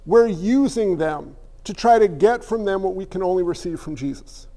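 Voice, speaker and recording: High-voiced pastor preaching with humor. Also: male voice, moderate pace, dark tone. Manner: conversational, joking, with rhetorical questions. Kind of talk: sermon.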